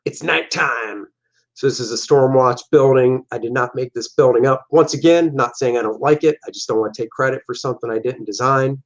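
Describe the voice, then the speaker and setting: A man talks loosely through his old comic pages in a livestream. His voice sits at a mid pitch, and the audio is a little dull and lo-fi. He rambles in a laid-back, friendly way. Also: a little fast, hardly any pauses. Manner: relaxed, rambling, acts out panel dialogue in silly voices. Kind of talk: casual livestream commentary.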